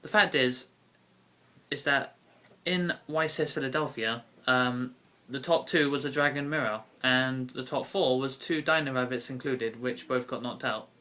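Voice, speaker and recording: A man's voice: mid-range voice, normal speed, few pauses, sharp tone. A young man with a British accent, talking casually to camera in a rambling vlog full of ums and restarts. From Britain. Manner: rambling, many fillers and self-corrections. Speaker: YouTube card game vlogger.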